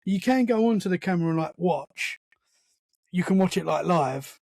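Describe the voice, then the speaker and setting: A man, a podcast guest, telling a story in casual conversation, animated and full of restarts. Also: high voice, moderate pace, gravelly, dry recording. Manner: animated storyteller, acts out sounds and quotes; many restarts and "man" fillers.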